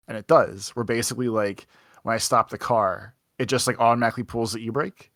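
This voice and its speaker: A man's voice: mid-range voice, steady tone, fast, fairly bright tone, no echo, studio quality. A young man co-hosting a podcast, telling a rambling anecdote full of "like" and acted-out quotes in a casual chat. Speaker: podcast co-host.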